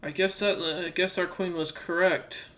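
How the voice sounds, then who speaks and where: A man doing a composed female soldier, blunt and matter-of-fact, a brightish tone. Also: high-pitched, fairly even intonation, a little slow.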